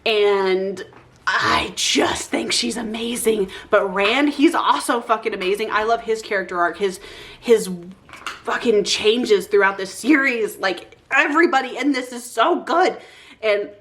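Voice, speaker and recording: A woman's voice: medium pitch, a little slow. Gushing young woman booktuber. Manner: excited, gushing, swears casually. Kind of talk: casual chat.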